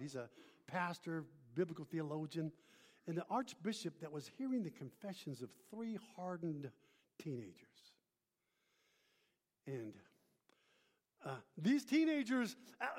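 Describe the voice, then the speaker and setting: A man preaching a sermon as pastor, swinging between emphatic rising calls and hushed, quiet lines, with call-and-response to the congregation. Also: a little high, big-room sound.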